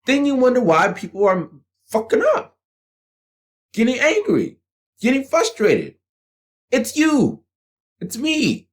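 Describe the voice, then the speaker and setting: Blunt, swearing man ranting, lively pitch. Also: takes it slowly, pauses often. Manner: blunt, combative, swears freely. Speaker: channel host. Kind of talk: profane motivational rant to camera.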